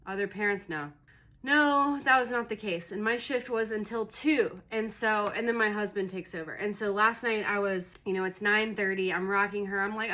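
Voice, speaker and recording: A woman's voice: medium pitch, moderate pace, sharp tone, poor audio. A young adult woman teaching about parenting in a casual, conversational way, often acting out her own thoughts in a story. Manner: conversational, many "like" fillers, voices her own inner thoughts. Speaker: parenting educator.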